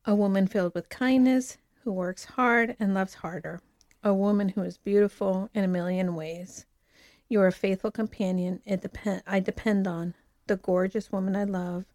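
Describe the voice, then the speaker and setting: A woman co-hosting a casual podcast, effusive and laughing easily as she chats with her husband. Her voice sits at an ordinary pitch, and the recording is close and dry, with no room sound. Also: warm tone, no room sound. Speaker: podcast co-host. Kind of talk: casual chat.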